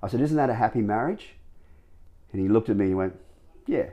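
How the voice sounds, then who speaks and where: Aussie guy telling stories in an interview, kinda low voice, lots of restarts. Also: fast talker, muffled recording. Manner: rambling, animated storytelling with many restarts. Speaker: interview guest, former animal trainer. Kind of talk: casual storytelling interview.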